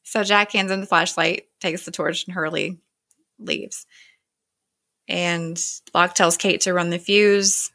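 A woman's voice: fairly low pitch, steady tone, slow, fairly bright tone. A woman casually recapping a TV episode, retelling scenes and quoting the dialogue. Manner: chatty retelling with quoted dialogue.

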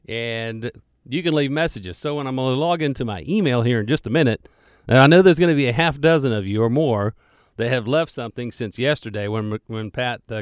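Here a man producing a radio show talks to himself while recording a solo podcast, a loose, chatty monologue full of digressions, self-mockery and repeated words. He has a mid-range, clean-toned voice, recorded dry on a studio microphone.

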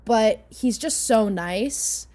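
A woman's voice: a little high, expressive, extremely slow, warm tone. A young adult woman co-hosting a podcast, telling a story in a casual chatty way with plenty of "you know" asides. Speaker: podcast co-host. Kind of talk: casual chat.

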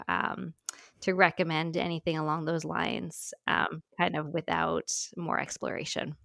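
Gravelly low-voiced woman podcast host. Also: no room sound, studio quality. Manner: relaxed, chatty, many ums. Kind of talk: casual podcast chat.

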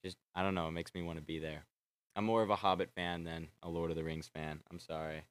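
A young man vlogging in a casual, rambling way, excitable and swearing freely as he trails off and restarts his sentences. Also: low-pitched, quick pace. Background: faint film score playing.

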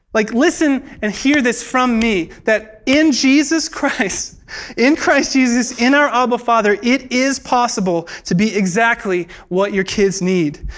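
A young man giving a sermon in a church, earnest and halting, with many filler words and restarts. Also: very high-pitched, fairly bright tone. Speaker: preacher.

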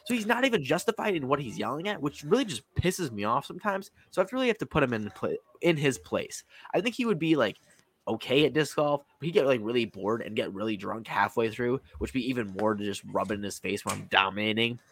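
A man talking loudly and playfully in casual podcast banter, laughing along. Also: medium pitch, lively intonation, fast. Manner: loud, playful, laughing through his picks.

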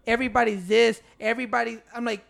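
A man's voice: very high-pitched, level tone, fast talker, creaky, a bit bright. A man in casual banter, ranting and profane, dropping in Spanish words.

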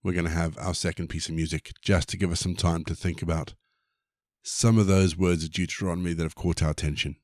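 Low-voiced man reading scripture. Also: no room sound, studio quality. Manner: measured, steady reading aloud. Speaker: podcast host reading scripture. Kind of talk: devotional Bible reading.

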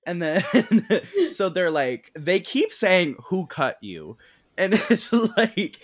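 A man chatting about a film on a podcast, animated and wry, quick to laugh. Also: high voice. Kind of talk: casual movie recap chat.

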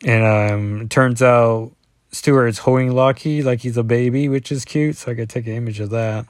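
Brief: man in his forties, rambling casual comic recap, plain mid pitch, dry close sound. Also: steady tone, normal speed, no room sound. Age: 40s. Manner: rambling, with fillers and asides. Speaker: comic book reviewer.

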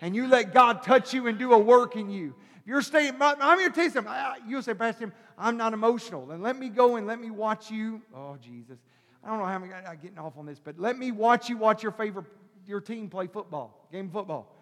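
A male pastor preaching a sermon, shifting from quiet teaching to loud shouted preaching and calling the listeners brother and sister. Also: high voice, expressive, brisk. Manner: calls the congregation brother and sister. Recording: long hall reverb.

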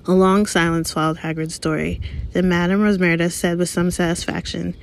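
A woman's voice: on the low side, flat delivery, moderate pace, gravelly. Woman reading an audiobook chapter aloud. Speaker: audiobook reader. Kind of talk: audiobook narration.

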